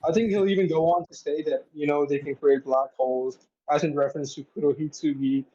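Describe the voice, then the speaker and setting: A man's voice: a little high, fairly even intonation, fairly quick, dark tone, husky. A man explaining in a hesitant, unsure way during a casual discussion. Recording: dull lo-fi sound.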